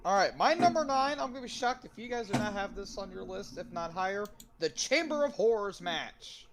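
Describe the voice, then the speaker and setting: A woman co-hosting a podcast, talking in a blunt, sweary, animated way. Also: medium pitch, fairly quick. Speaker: podcast co-host. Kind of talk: casual chat.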